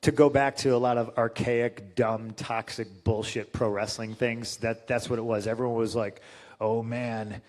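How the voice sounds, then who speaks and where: A man's voice: mid-range voice, moderate pace, few pauses. A man as an interview guest, telling stories casually with lots of swearing and fillers. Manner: profane, animated retelling with lots of fillers.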